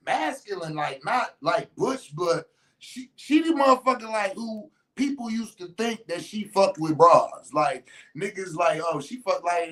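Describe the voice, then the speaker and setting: Profane, slangy podcast storyteller. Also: mid-range voice. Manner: restarts and repeats words often. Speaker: podcast host. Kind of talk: casual storytelling monologue.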